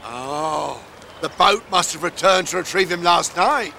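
An actor playing a scheming, scornful man plotting in an animated Bible drama. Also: on the high side, measured pace, vocal fry, a little hiss or hum, heavily acted.

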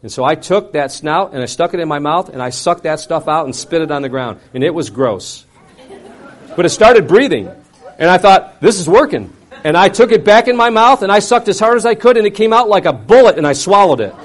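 A man preaching, telling a personal story in an animated way with wide swings between loud and quiet. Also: sits high, fairly quick. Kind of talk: sermon storytelling.

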